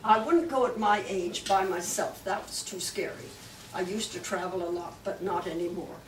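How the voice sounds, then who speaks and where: An older woman giving a lively storytelling talk to a club, acting out the voices she quotes. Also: on the low side, normal speed, a little hiss or hum. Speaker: guest speaker. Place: club meeting room. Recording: echoey room, mic from far off.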